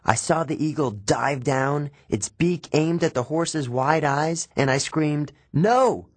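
Husky man narrating an audiobook. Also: a little high, a little slow, dry recording. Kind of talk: first-person audiobook narration.

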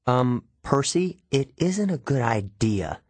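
A man voicing an anxious young male satyr who talks in nervous, halting bursts. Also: medium pitch, sing-song, darkish tone, dry recording.

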